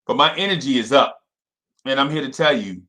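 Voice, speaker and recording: A young man hosting a casual fan livestream, repeating himself and shouting out viewers by name. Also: medium pitch, a little fast.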